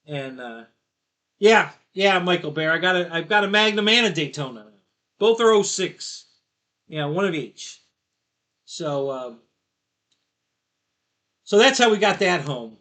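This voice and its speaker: A middle-aged man chatting casually as host of a live stream, with a high, bright voice. He tells stories in a loose, rambling way, circling back and laughing at his own jokes. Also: lively intonation, moderate pace. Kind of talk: casual chat.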